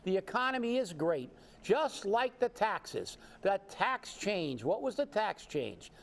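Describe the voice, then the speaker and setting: A man co-hosting a political commentary show, ranting indignantly with sharp rhetorical questions. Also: high-pitched, big pitch swings, slow, gravelly.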